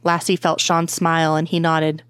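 A woman with a lowish voice reads a story aloud in an even, clear manner. She is close to the microphone, and the sound is dry with no room echo. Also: moderate pace. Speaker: audiobook reader. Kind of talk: reading fan fiction aloud.

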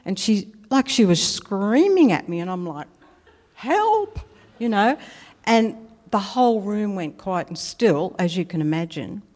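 A woman's voice: medium pitch, animated, normal speed, a little mellow. An Australian woman giving a personal testimony sermon, telling anecdotes in a chatty way and laughing at herself. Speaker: preacher. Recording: long hall reverb.

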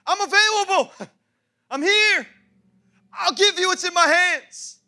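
A man's voice: very high-pitched, slow, pushed and bright, pitched above the performer's own voice, exaggerated voice. A man voicing an eager small boy who offers up his lunch, talking in a breathless, giggly way.

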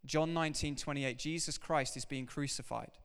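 A man preaching a sermon to his congregation, animated and emphatic, talking straight to the people in front of him. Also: on the high side, moderate pace, smooth. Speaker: pastor. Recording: reverberant hall.

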